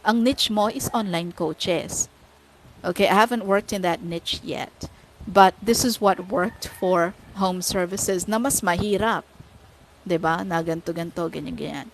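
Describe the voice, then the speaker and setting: A woman's voice: on the low side, measured pace, slight background noise, poor audio. A woman, a guest on a podcast, talking casually and switching between Tagalog and English with frequent tag questions.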